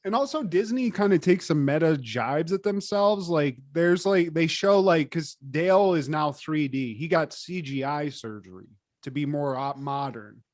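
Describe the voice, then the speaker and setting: A man co-hosting a podcast in casual chat, animated and profane, with lots of fillers. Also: fairly high pitch, normal speed, no echo, clean studio sound. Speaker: podcast co-host.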